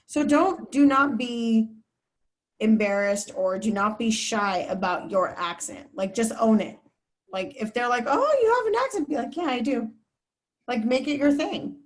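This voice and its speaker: A woman TV news reporter speaking as a guest, giving candid, chatty advice to students over a video call, with many fillers. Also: fairly high pitch. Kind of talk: casual advice talk to students.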